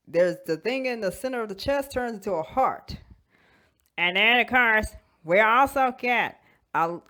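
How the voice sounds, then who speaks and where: Woman telling a fan story on her toy channel, bubbly and giggly, mid-pitch voice. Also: sharp tone. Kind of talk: casual fan chat.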